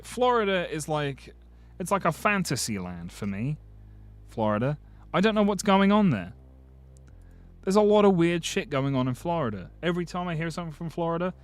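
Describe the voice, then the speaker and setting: A man streaming, casually chatting and joking as he reads viewer comments, swearing freely and restarting his sentences. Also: a little high. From United Kingdom. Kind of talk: casual livestream chat reading viewer comments.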